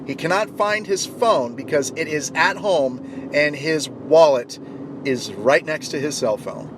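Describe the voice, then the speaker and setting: Man, motivational storytelling, animated, acts out quotes, traffic noise behind. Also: a little high, a little slow.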